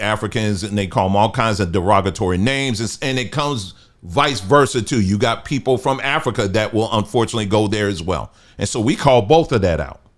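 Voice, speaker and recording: American guy doing a fired-up commentary monologue, middle-aged, mid-range voice, gets louder and higher when indignant. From United States. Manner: emphatic, rising when indignant, with mocking quoted voices.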